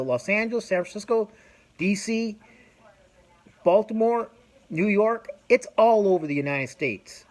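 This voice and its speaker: A middle-aged man hosting a podcast, ranting bluntly and profanely in a rambling, casual way with frequent restarts. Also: high-pitched. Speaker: podcast host. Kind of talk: casual opinion rant.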